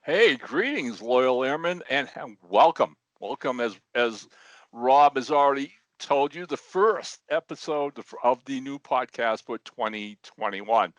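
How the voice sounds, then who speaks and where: A man co-hosting a podcast in casual chat, an animated storyteller who often restarts his words. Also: mid-range voice, a little slow, no room sound. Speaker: podcast co-host.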